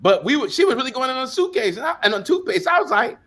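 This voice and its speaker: A middle-aged man from New York, a pastor, talking in a conversational sermon style and growing loud and animated when he tells stories. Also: very high-pitched, rapid-fire.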